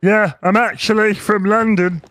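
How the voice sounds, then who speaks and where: A man's voice: sits high, steady tone, unhurried, fairly bright tone. A man chatting casually while gaming, joking around in a put-on pirate manner. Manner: playful, drawling pirate-flavoured talk. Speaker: co-player.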